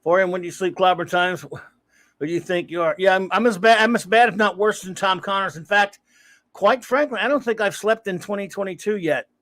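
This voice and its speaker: A livestream host with a high-sitting, fairly bright voice talks fairly quickly, and the audio has no room sound. He rambles casually while reading the chat out loud and greeting viewers by name.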